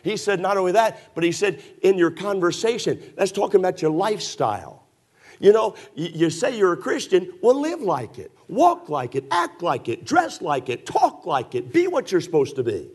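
Male pastor, mid-sermon, folksy, emphatic, sarcastic asides, higher-pitched. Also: darkish tone, breathy edge. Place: church.

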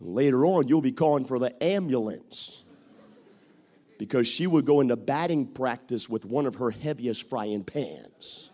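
A male preacher delivering a dramatic sermon, acting out quoted voices and swinging from loud to hushed. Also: medium pitch, expressive, unhurried.

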